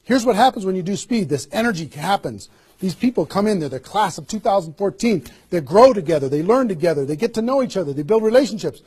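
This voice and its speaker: A network marketing trainer with a fairly high, slightly husky voice talks fast as he coaches his audience through a motivational seminar. Full of energy, he fires off rhetorical questions one after another, pushing listeners to act.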